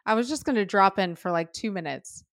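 A woman's voice: medium pitch, lively intonation, brisk, no room sound, studio quality. A woman hosting a podcast interview, asking curious questions with open enthusiasm. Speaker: podcast host.

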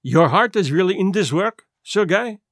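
A man's voice: high voice, lively intonation, normal speed, a bit bright, no echo, studio quality, exaggerated voice. A man voicing a fussy, vain middle-aged Belgian detective who speaks in a precise, complaining way. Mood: probing.

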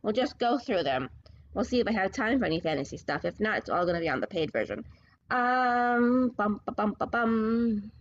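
A woman's voice: mid-range voice, big pitch swings, fairly quick, lo-fi sound, slight background noise. A woman hosting a sports podcast, ranting in a combative, profane and sarcastic way. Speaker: podcast host.

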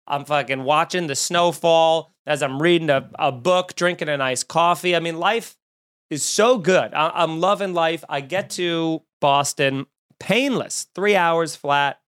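A man hosting a casual podcast, telling a lively, profane, joking travel story. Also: fairly high pitch, unhurried, clean tone.

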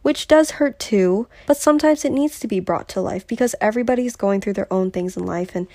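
A woman's voice: mid-range voice, fairly quick, darkish tone, dry recording, clean studio sound. A young adult woman hosting her own podcast, talking candidly and earnestly in a confessional way. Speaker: podcast host. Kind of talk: solo podcast talk.

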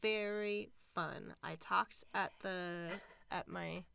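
A woman's voice: on the low side, fairly even intonation, slow, vocal fry, sharp tone, a little hiss or hum. A woman co-hosting a podcast, chatting playfully and casually. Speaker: podcast co-host. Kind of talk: casual chat.

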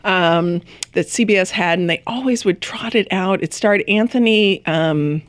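A woman co-hosting a casual TV review podcast, chatty and quick to laugh. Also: medium pitch, smooth, dry recording. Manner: chatty, laughs often, animated asides. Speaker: podcast co-host.

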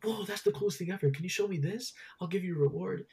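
An excitable little boy from a video game, voiced by a man, gushing in a slightly raised, gravelly voice. He sounds eager and keen to trade rewards. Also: high voice, fast, recorded from a distance, pitched above the performer's own voice, heavily acted. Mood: thrilled.

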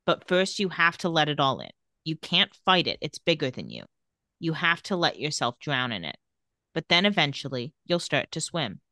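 A woman co-hosts a laid-back recap podcast, retelling each scene and reading quotes in a flat, uncoloured voice that sits a little low. She talks at normal speed, and the sound is dry and close with no room around it.

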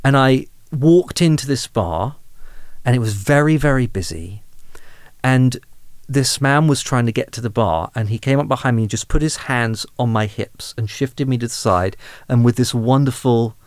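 An English man in his thirties who works as a humanist chaplain candidly shares a personal story during a podcast interview, poking fun at himself and growing lively when something amuses him. His voice is medium in pitch at a moderate pace, and the recording is dry.

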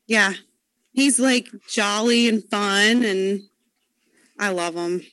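A woman on a podcast panel in casual chat, halting and giggly as she talks. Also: medium pitch, a bit bright, no echo. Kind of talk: casual fan-casting chat.

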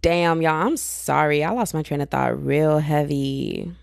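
A young woman from Texas hosting her own podcast in casual, rambling, slangy chat that keeps jumping up in pitch when she gets excited. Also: measured pace, creaky, no echo, studio quality. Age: young adult. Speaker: podcast host.

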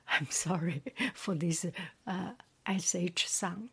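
Slow, soft-spoken woman teaching word drills. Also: medium pitch, fairly even intonation, vocal fry, husky. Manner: very slow, repeats each word twice then translates; often drops into a soft whisper. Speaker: language teacher. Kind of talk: soft whispered tone-drill lesson.

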